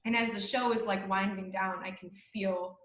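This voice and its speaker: A woman's voice: mid-range voice, fairly even intonation, moderate pace, fairly bright tone, roomy sound, poor audio. A young woman co-hosting a webinar, telling her story casually and acting out the voices in it, with frequent laughs. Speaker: webinar co-host.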